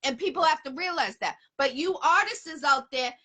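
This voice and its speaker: A woman's voice: high-pitched, lively intonation, normal speed, sharp tone. A woman hosting a casual interview, talking emphatically and repeating her points. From Boston area. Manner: emphatic, repeats herself, promotional. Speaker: host.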